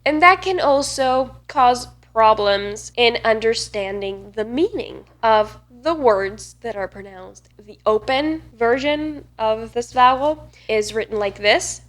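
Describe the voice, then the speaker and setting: A woman with an Italian accent teaches pronunciation in a slightly high voice. She speaks slowly and deliberately, drawing out each sound so learners can hear it. Her delivery is patient and clear, the manner of a teacher guiding students. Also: a bit bright. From northeast Italy. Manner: slow, careful, demonstrates sounds with exaggeration. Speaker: language teacher. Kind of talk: online pronunciation lesson.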